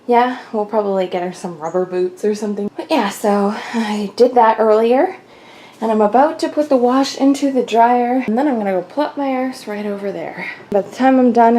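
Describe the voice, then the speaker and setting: A woman's voice: fairly high pitch, dark tone, low-quality recording. A young woman chatting casually through her daily vlog in her home kitchen, rambling and laughing often. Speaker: vlogger.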